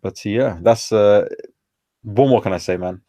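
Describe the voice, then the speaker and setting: A man's voice: fairly low pitch, a little slow, mellow, no echo, studio quality. A man, a guest telling stories in a casual, slangy way full of fillers. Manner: chatty, informal, peppered with slang and fillers. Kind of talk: casual storytelling conversation.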